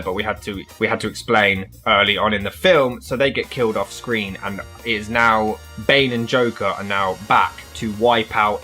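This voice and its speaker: A man's voice: lowish voice, sharp tone. A man answering fan questions in a blunt, sweary, comic way. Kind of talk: casual comedic Q&A.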